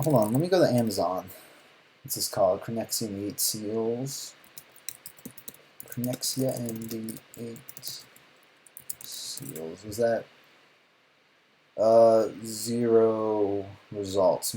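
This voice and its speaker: A man's voice: lowish voice, mellow, slight background noise, poor audio. A man streaming a live reaction, talking casually with sarcastic, rambling remarks and frequent restarts.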